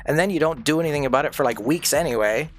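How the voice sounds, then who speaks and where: A man's voice: on the high side, quick pace. Profane, ranting man streamer. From not from the United States. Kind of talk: casual rant during a game stream.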